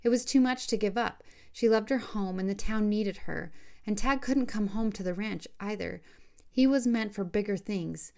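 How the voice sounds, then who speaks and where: A woman, the author, narrating her own romance novel as an audiobook in a steady, unhurried reading. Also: medium pitch, gravelly.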